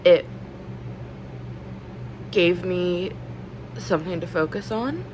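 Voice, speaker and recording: Against background noise, a woman in her thirties with a lowish voice chats on her book vlog. Her talk is rambling and full of fillers like "like" and "um," and she comes across as earnest and openly emotional.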